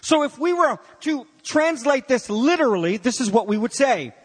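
A man preaching a sermon as pastor, animated and joking with his congregation. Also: very high voice, normal speed, few pauses, slightly rough. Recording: long hall reverb.

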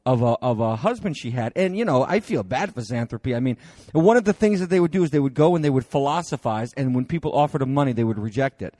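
A male lecturer tells stories in a chatty, animated way, full of fillers and restarts. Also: mid-range voice, quick pace, no room sound, clean studio sound. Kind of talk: storytelling lecture.

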